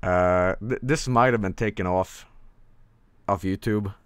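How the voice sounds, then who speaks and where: A man's voice: low-pitched, measured pace, smooth, dry recording. A man chatting casually on a live stream, rambling and stammering with frequent laughs.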